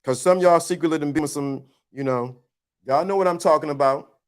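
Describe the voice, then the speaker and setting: A man's voice: a little high, a little fast. A man hosting a livestream, giving his blunt, preachy, teasing opinions to the chat in a casual, slangy way. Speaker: livestream host.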